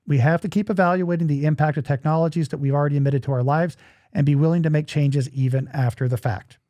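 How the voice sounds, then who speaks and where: A man's voice: fairly high pitch, steady tone, quick pace, warm tone, no echo. A man hosting a podcast in casual chat, joking and rambling, while losing his voice. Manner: joking, self-deprecating, rambling asides. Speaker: podcast host.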